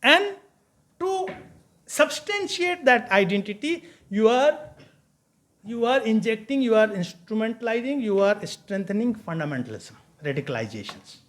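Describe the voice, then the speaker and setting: A man's voice: high voice, expressive, a bit bright. A man lectures at a conference. He speaks emphatically, stopping and restarting his phrases as he builds his argument. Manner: emphatic, halting, frequent restarts. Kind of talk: academic lecture.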